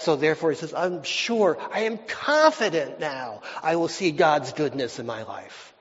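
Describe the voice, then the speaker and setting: A man's voice: a little high, very animated, moderate pace, few pauses. Preaching man in a reverberant hall. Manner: preaching with rising emphasis, then dropping to near whispers; repeats phrases for emphasis. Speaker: pastor. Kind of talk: sermon. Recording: dull lo-fi hall recording.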